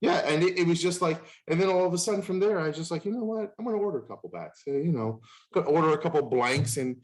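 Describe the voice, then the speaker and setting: A man in his fifties, a podcast host, telling stories in casual chat and acting out the voices of people he quotes. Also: fast. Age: 50s. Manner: animated, acts out quoted voices with big pitch jumps.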